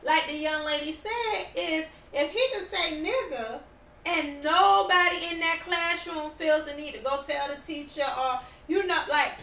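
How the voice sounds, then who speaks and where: A woman co-hosting a podcast in casual chat, opinionated and animated, often acting out what others said. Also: high-pitched, measured pace, recorded from a distance, a little hiss or hum. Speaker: podcast co-host. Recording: echoey room, off mic, faint ambience.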